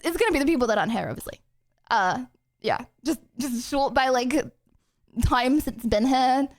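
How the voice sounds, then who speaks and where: A young woman streams and chats loosely with her viewers, rambling and giggling. Her voice sits high and bounces all over the place, with plenty of "like" and "bro" along the way. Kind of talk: casual chat answering chat questions.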